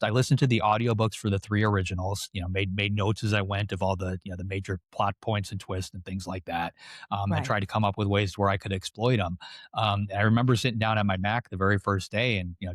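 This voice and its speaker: Fast-talking low-voiced man. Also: fairly even intonation, dry recording, studio quality. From United States. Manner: rambling, filler-heavy, self-deprecating humor. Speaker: guest author. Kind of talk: casual interview talk.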